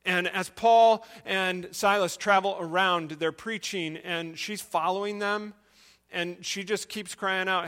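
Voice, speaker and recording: High-voiced bright male preacher. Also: fairly even intonation, a little slow. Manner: storytelling, asks the listeners questions. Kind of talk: sermon.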